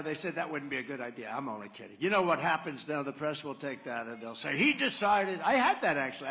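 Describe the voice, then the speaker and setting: A man's voice: on the high side, sharp tone. A man giving a rambling, sarcastic campaign rally speech, telling stories and acting out quotes. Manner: digressive, sarcastic, acts out quotes. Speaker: political candidate at a campaign rally. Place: large rally venue. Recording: echoey hall reverb.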